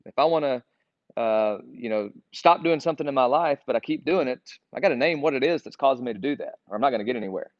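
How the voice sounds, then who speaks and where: A man's voice: mid-range voice, lively intonation, quick pace, no echo. A man leading a casual group Bible study, talking earnestly and reading scripture aloud. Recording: dull, dry lo-fi recording.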